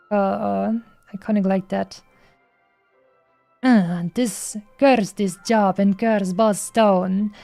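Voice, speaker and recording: A woman's voice: mid-range voice, creaky, warm tone. A woman streamer reading game dialogue aloud in a playful way, stopping often on fillers as she goes.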